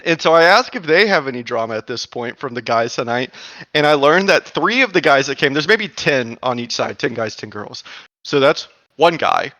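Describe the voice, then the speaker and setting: A man's voice: mid-range voice, sharp tone, no room sound, highs cut off. A man in his thirties telling a long story in casual chat, rambling with lots of fillers and laughs.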